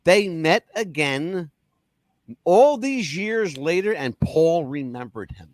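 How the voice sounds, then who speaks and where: A man hosting a casual talk-radio show, telling stories with animated, crude and profane patter. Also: a little high, slow pace, no room sound. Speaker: radio host.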